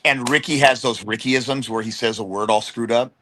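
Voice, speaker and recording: A middle-aged man from the United States, a wrestler guest telling stories in an animated, slangy way and slipping into quick impressions. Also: medium pitch, crowd noise. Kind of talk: casual storytelling chat.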